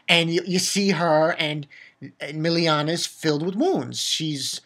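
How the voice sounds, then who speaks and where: A man casually recapping a manga chapter, rambling and swearing, with many restarts and bursts of excitement. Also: fairly high pitch, a little slow.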